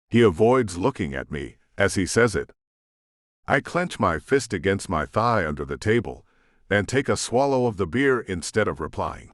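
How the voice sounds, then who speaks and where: A man narrating a first-person romance audiobook in an expressive, emotional way. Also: lowish voice, moderate pace, no room sound, studio quality.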